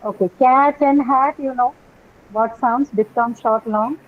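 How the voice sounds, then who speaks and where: A woman's voice: on the high side, steady tone, measured pace, a little hiss or hum. A woman teaching English pronunciation in a live class, patiently spelling words letter by letter and repeating them. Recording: slightly muffled recording.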